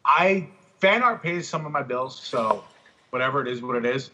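A man on a casual podcast, telling animated, profane stories about his work as a comic artist. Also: mid-range voice, normal speed, a little hiss or hum.

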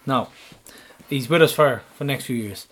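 Excitable man chatting football. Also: mid-range voice, normal speed. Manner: excitable, swearing, laughs often. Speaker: podcast co-host. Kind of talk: casual football chat.

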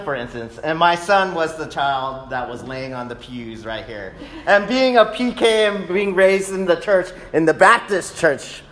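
With a slightly high, fairly bright voice, this thirtysomething pastor preaches conversationally in a church sanctuary. He tells stories and keeps dropping "right?" asides.

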